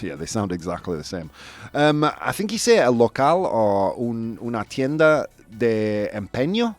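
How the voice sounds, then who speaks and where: Very animated and medium in pitch, this live-stream host moves at a moderate pace while soft music plays behind him. He reads chat messages aloud, chats easily with viewers, and jokes at his own expense.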